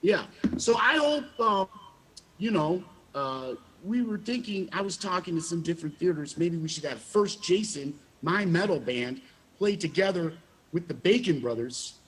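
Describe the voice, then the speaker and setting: A man, a former child actor, telling animated stories in a casual interview and acting out the quotes. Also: high-pitched, moderate pace, slight background noise. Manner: animated storyteller, acts out quotes with laughs.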